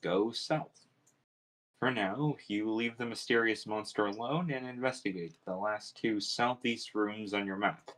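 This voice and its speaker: A man narrates a webcomic aloud in a steady, second-person reading. His voice sits on the low side. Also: measured pace, poor audio. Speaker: reader.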